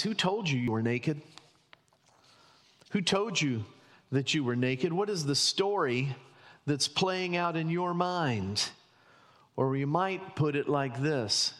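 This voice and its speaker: A man's voice: on the high side, fairly bright tone, big-room sound. A man preaching a sermon as pastor, building emphatic runs of repeated rhetorical questions. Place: church sanctuary.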